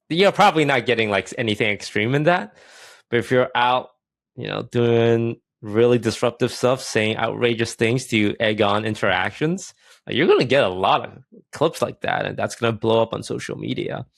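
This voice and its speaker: A man co-hosting a podcast, explaining things in a relaxed, casual way with some fillers. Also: medium pitch, vocal fry, dry recording. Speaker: podcast co-host, streamer.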